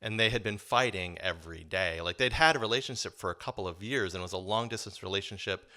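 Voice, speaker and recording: Male storyteller, deep voice with a bright edge, thoughtful and earnest, live personal story. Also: fast talker. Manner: reflective, earnest, many um fillers.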